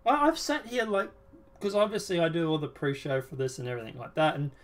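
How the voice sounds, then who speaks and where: A man's voice: on the high side, sing-song, fast talker. A man hosting a casual political chat show, talking in a rambling, sarcastic, emphatic way. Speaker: show host.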